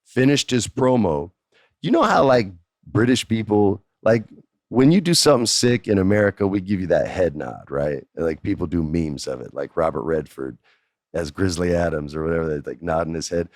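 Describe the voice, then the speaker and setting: A man hosting a podcast, telling a story casually, animated and profane, jumping up high in pitch for emphasis. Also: moderate pace, no echo, studio quality. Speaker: podcast host.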